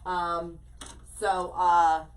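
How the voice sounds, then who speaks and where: A woman's voice: on the low side, level tone, drawn-out words, smooth. A middle-aged woman hosting a casual craft live stream, chatting effusively and greeting viewers by name as she works.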